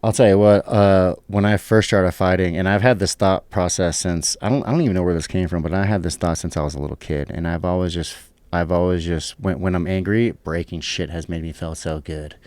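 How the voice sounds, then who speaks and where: Low-voiced young dude rambling and cussing, dry close sound. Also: male voice, fairly even intonation, fairly quick, few pauses, a little mellow, no room sound. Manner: rambling, swears a lot, many fillers. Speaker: guest, pro fighter. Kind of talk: casual podcast chat.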